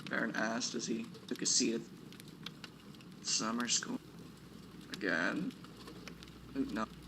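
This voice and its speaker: A man's voice: mid-range voice, slow pace. A man reading his own novel aloud on a stream, chuckling at his own writing and stopping to comment on it. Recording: noisy background hiss.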